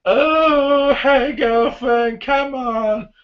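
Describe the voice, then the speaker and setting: A man voicing a leering male horror-movie stalker in a high, sing-song taunting voice, recorded with dull lo-fi sound. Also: drawn-out words, full character voice. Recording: dull lo-fi audio.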